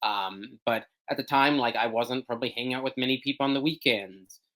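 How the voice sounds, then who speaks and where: A young man talks through an interview at an ordinary pitch, pausing often and circling back as he hunts for the right words. His delivery is casual and halting, full of fillers. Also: a bit bright, poor audio. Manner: hesitant, many ums and restarts, searching for words. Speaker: podcast guest.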